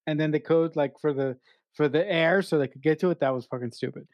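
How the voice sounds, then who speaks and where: A man co-hosts a casual film-review chat in a somewhat high voice. He talks in halting bursts, restarting phrases and swearing lightly as he gives his view. The recording is close and dry. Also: darkish tone, no room sound. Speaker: podcast co-host.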